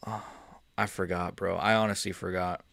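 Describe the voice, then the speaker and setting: Excitable young man streaming fight reactions. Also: sits low, normal speed, gravelly, no echo. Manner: excitable, swings from mumbling to yelling, swears and laughs often. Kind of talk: live-stream reaction chat.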